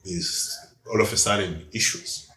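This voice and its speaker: A man's voice: on the low side, a little slow, pushed and bright. A man with a South African accent, co-hosting a podcast and giving his views in an emphatic casual chat with punchy asides. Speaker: podcast co-host. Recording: echoey room.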